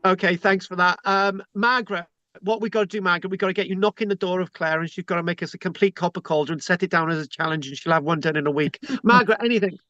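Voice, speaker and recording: A man's voice: sits high, fast, sharp tone, no echo, lo-fi sound. Chatty British man lecturing online. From Britain. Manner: chatty, joking, frequent restarts. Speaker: lecturer hosting an online class. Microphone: video call.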